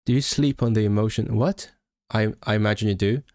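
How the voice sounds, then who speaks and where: A man's voice: lowish voice, fairly quick, a little mellow, no echo. A young man from Hong Kong chatting on a livestream as a language-learning streamer, reading viewer questions aloud, laughing often and restarting words, into a big microphone close to his face. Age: young adult. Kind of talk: casual livestream Q&A. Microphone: large microphone close to the face.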